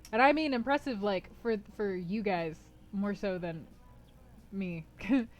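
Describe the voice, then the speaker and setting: A woman's voice: mid-range voice, unhurried. A young American woman streaming from home, chatting casually and cheerfully with her live chat, often laughing.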